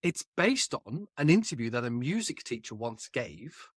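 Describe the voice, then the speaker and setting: A man's voice: mid-range voice, normal speed, breathy edge, dry recording. Emphatic man, dry close sound. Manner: animated, emphatic, colloquial. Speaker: author and guest. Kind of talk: casual conversation.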